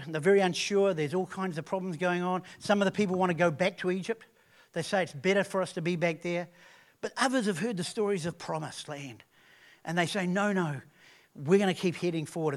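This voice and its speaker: A man with a notably high voice preaches a sermon, telling his story in a lively, animated way. He frequently stops to restart a phrase.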